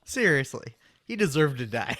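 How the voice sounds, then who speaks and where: A man's voice: medium pitch, very animated, normal speed, pushed and bright. A man co-hosting a podcast in casual, teasing banter, laughing often. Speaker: podcast co-host.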